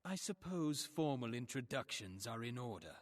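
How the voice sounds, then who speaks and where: A man's voice: mid-range voice, very animated, moderate pace, close to an everyday voice. A man playing a stiff formal inquisitor. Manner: formal, announcing. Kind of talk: video game voice acting.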